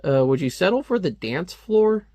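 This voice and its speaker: A man's voice: sits high, sing-song, normal speed, mellow, no echo, studio quality, voice pushed up. A man voicing a flustered, polite teenage girl from a comic who nervously deflects unwanted advances. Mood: uneasy polite.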